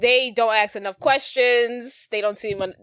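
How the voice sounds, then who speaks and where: A woman co-hosting a podcast, chattily retelling a movie plot with laughs and quick quoted voices. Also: fairly high pitch, steady tone, a bit bright, clean tone, no room sound. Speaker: podcast co-host. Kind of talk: casual movie recap chat.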